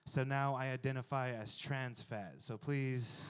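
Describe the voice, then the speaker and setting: A man in his thirties performing a stand-up comedy set, animated and jumping to loud exclaiming in the acted-out bits. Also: medium pitch, a little slow, a little hiss or hum. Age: 30s.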